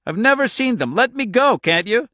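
Frightened young waitress done by a man, pleading, high strained voice, dry sound. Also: sing-song, takes it slowly, fairly bright tone, no room sound, heavily acted. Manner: pleading, near tears.

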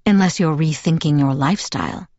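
A woman's voice: low-pitched, brisk, a little mellow, dry recording, dull audio, voice pushed down, natural voice. A woman voicing a protective young male vampire who speaks in a harsh, clipped, guarded tone. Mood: tense.

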